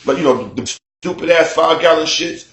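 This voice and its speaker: Profane, animated man in an echoey room. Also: a little high, moderate pace. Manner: animated, profane, mimics shouting at a neighbor. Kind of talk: casual storytelling to camera. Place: basement room at home. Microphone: camera mic.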